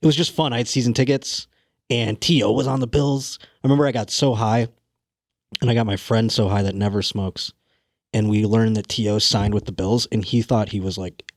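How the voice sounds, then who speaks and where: A man's voice: fairly low pitch, fairly even intonation, a little fast, no room sound. A man talking as a comedian guest on a podcast in loose, rambling casual chat.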